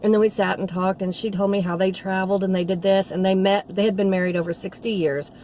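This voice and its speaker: A woman's voice: medium pitch, little pitch movement, fast talker, warm tone, slight background noise. A middle-aged woman, a nursing assistant telling a rambling, heartfelt story in a casual vlog. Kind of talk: casual talking-to-camera vlog.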